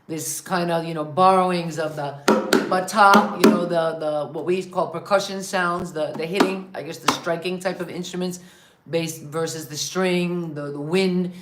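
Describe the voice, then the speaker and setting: A woman's voice: lowish voice, fairly even intonation, moderate pace, slight background noise. A woman hosting an interview in casual chat, asking long, rambling questions. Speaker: interview host.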